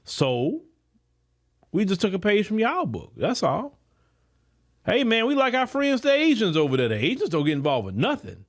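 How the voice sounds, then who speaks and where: A male podcast host delivering a commentary monologue in a high, lively voice that swings up and down a lot. He preaches at his listeners in loose, colloquial phrasing and keeps repeating words as he presses his point. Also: normal speed, pauses often. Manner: preachy, emphatic, addresses listeners directly.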